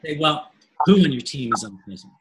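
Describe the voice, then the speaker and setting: This coach runs a webinar in a relaxed teaching style, his voice a little high and fairly quick against a noisy background. He's lively, laughs a lot, and plays out conversations with his clients.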